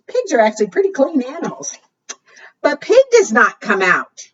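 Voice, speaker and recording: A woman librarian reading a picture book to preschool children, animated, asking them questions and singing along. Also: fairly high pitch, normal speed, breathy edge. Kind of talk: preschool storytime read-aloud. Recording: distant, dull lo-fi sound.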